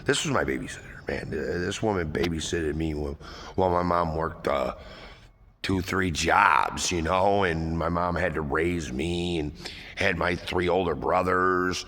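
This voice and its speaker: A man's voice: sits low, unhurried, fairly bright tone, long reverb tail. A man telling a personal story in a rambling, repetitive way, full of fillers and swearing, emotional and earnest.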